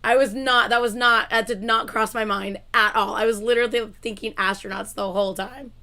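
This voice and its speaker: A woman hosting a casual livestream, chatting excitedly and laughing loudly between lines. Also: fairly high pitch, brisk. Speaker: livestream host.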